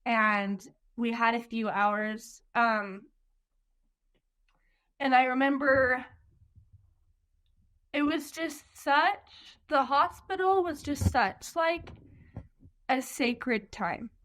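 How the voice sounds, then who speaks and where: Slow-spoken young woman recounting a birth. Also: high-pitched, fairly bright tone. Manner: lots of "like" and "um", quotes others. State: tearful at moments. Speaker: guest, birth mother. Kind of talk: emotional personal storytelling.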